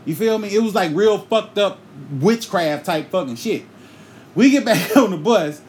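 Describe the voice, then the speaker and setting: A man hosting a podcast, telling a comic story in a loose, profane, animated way and breaking into sung bits now and then. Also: sits high, moderate pace, a little hiss or hum. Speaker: podcast host.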